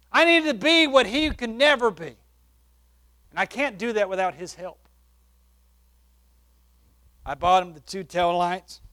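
High bright-voiced preacher man telling a story. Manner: animated storytelling, shifts loud to soft. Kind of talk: sermon testimony story.

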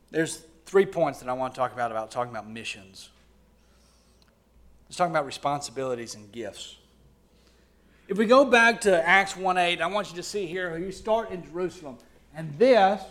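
Southern preacher guy from alabama, high voice, goes loud then drops real quiet. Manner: swings between loud preaching and hushed, low asides. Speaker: pastor. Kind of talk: sermon.

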